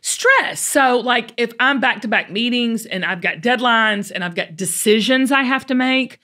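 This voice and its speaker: Southern lady hosting her show, bright voice, a bit high, chatty and folksy. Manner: chatty, folksy storytelling with drawn-out emphasis. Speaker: talk show host. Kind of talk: casual chat.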